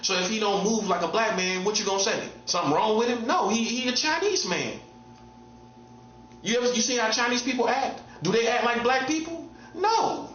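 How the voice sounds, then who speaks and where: A man's voice: very high voice, animated, normal speed, fairly bright tone, echoey room, lo-fi sound, a little hiss or hum. A man giving a casual preaching monologue as a self-styled prophet, repeating himself and hammering points home with rhetorical questions.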